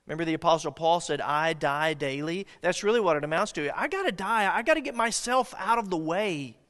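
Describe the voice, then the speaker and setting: A man's voice: high-pitched, animated, fast talker, fairly bright tone, big-room sound. A man preaching a sermon as pastor, earnest and dynamic, often restarting his words.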